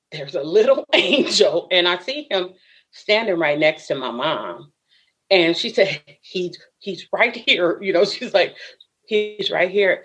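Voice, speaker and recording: A woman's voice: lowish voice, a bit bright. A woman, a podcast guest, earnestly telling a personal story and laughing often between lines.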